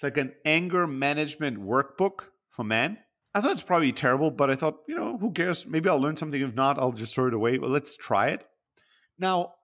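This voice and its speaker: A man's voice: fairly high pitch, fairly bright tone. Man, podcast co-host, casual chat, candid, introspective, swears freely.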